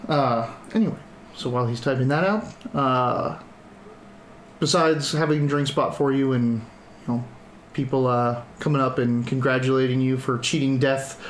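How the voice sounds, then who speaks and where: A man's voice: medium pitch, roomy sound, a little hiss or hum. Laughing man running a tabletop game. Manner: laughs easily, rambling with fillers. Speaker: dungeon master. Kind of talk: casual tabletop game narration.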